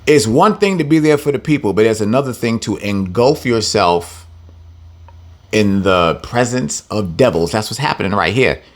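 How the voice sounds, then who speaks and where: A Bible teacher with a fairly low voice and a moderate pace runs an easygoing scripture lesson. He reads the verses out, recasts them in slang, and laughs frequently in his animated delivery.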